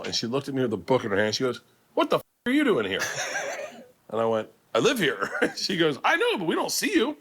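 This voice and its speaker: A man telling a self-deprecating comic anecdote in a played clip. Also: medium pitch. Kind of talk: comedic storytelling.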